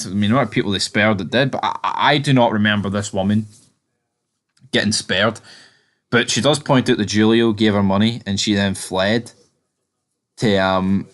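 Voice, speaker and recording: Brief: young man, lowish voice, chatty rambling TV reviewer, lots of "like" and "you know". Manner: rambling, many fillers and restarts. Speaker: TV episode reviewer. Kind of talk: casual spoken recap.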